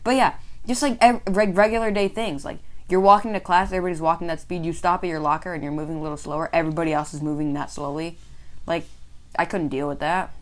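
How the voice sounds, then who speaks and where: A woman co-hosting a casual podcast chat, rambling excitedly with lots of filler words and restarts. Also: fairly low pitch, quick pace. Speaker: podcast co-host.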